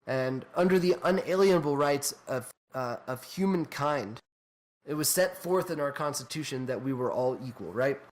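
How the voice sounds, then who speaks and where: Animated, profane podcast co-host man. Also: mid-range voice, moderate pace. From New Mexico. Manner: animated, profane, laughs often. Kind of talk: casual chat.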